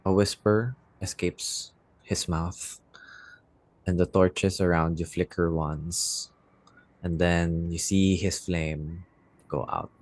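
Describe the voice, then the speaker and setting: A man narrating a tabletop fantasy game as game master, in slow, atmospheric style. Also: sits low, fairly even intonation.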